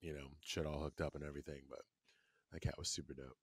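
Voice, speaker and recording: A man's voice: a bass voice, little pitch movement, fast, husky, no room sound, studio quality. A man co-hosting a podcast, reading comments and chatting in laid-back slang. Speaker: podcast co-host. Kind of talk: casual chat.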